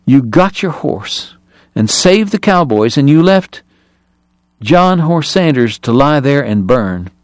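A man voicing a cold Southern gunman who speaks softly, flatly and slowly with contempt. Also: mid-range voice, no room sound. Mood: menacing. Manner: soft, flat, slow, contemptuous. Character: cold, menacing Southern gunman, quiet and courteous.

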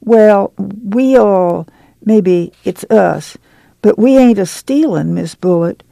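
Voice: medium pitch, takes it slowly, creaky, dark tone, no echo, voice pushed up. A reader voicing a timid, ashamed poor mother who pleads and whines in a rural drawl.

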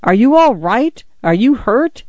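A shrill, frantic father yells in a voice pushed far above his usual tone, as a male reader acts him out. His fury and panic spill out in sharp shouts. The recording is dry and a little muffled. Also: very animated, measured pace, dry recording, full character voice. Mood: panicked. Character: frantic enraged father, grown man, shrill.

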